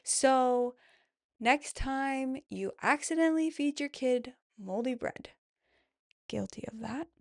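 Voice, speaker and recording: A woman's voice: sits high, slow, no echo, studio quality. A woman, a mom, chatting on her own as she reads out replies from her followers, affirming each one with frequent "I love that" remarks. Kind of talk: casual solo chat.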